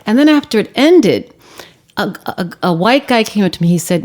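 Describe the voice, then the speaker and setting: A woman filmmaker telling a story in conversation, acting out the people she quotes and dropping to a hush on grim parts. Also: animated, fairly quick. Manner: acts out quoted voices, shifting pitch and volume; drops to a hushed, quiet tone on grim topics. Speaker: guest, documentary filmmaker.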